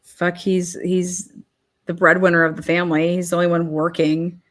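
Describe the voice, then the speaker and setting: A woman's voice: on the low side, flat delivery, normal speed, a bit bright. A woman giving blunt, profane casual commentary, often acting out what others might say. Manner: blunt, profane, acts out people in quoted rants.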